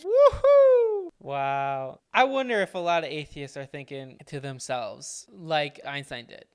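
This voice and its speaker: A young man reacting to a video with gushing, excitable commentary. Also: on the high side, normal speed, clean tone. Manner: excitable, gushing, exclaims loudly. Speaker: channel host reacting to clip.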